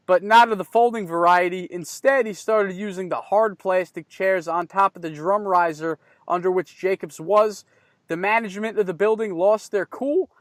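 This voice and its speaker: A man hosting a podcast, reading a news article aloud in a measured way. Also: sits high, a bit bright, dry recording. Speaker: podcast host.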